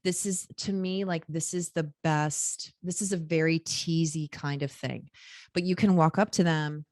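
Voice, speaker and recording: A woman's voice: low-pitched, steady tone, a little slow, a little mellow, no echo. Chatty self-amused woman giving dating advice. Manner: chatty, laughs at herself, many asides. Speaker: podcast host, dating coach. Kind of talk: casual advice monologue.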